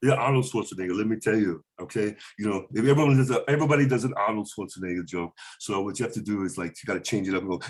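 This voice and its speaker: A male stand-up comedian chatting in an interview, rambling through stories and slipping into quick voices. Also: fairly low pitch. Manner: rambling, slips into voices and impressions mid-story. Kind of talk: casual interview chat with quick impressions.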